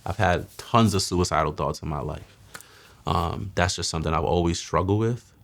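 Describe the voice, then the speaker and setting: A man recounts his past in candid, slangy street talk. His voice sits very low and gravelly, with plenty of fry. He often drops to a hushed, near-whispered tone when the story turns heavy. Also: moderate pace. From Mount Vernon, New York. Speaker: guest telling his life story. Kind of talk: candid testimony.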